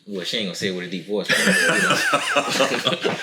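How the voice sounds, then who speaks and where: A man's voice: moderate pace, noisy background. A man hosting a podcast in casual chat, talking animatedly and acting out quotes. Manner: animated, acts out quotes in a deep voice, laughs often. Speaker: podcast host.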